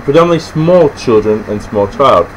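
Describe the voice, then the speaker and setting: This is an Australian man with an ordinary mid-range voice, explaining things off the cuff. He halts often, restarting sentences and filling pauses as he goes. His talk stays loose and rambling, never scripted. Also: mid-range voice, lively intonation, slight background noise, low-quality recording. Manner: halting, rambling, many restarts and fillers. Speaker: presenter explaining slang. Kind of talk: casual unscripted explanation to camera.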